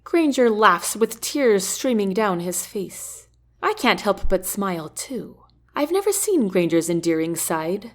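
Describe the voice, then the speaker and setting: A woman narrating a novel in the first person, with an expressive, varied reading. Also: mid-range voice, a little slow. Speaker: audiobook narrator.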